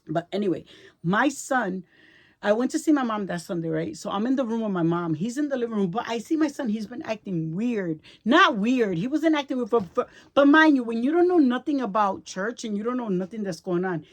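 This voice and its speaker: A woman's voice: a little high, expressive, fairly quick. A middle-aged woman vlogger telling a personal story in casual chat, emotional and repetitive, often checking in with the listener. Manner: emotional, chatty, repeats herself, checks in with "right?".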